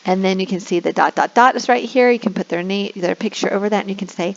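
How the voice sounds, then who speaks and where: A woman explaining classroom screens as an online English teacher, now and then slipping into a slow sing-song to model prompts for kids. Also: mid-range voice, creaky, a little hiss or hum. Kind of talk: instructional screen walkthrough. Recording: dull lo-fi recording.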